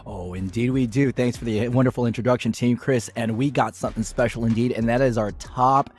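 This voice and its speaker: A man's voice: medium pitch, fairly even intonation, brisk, breathy edge, faint music behind. A man co-commentating a fighting game tournament in a wry, joking way. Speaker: esports commentator.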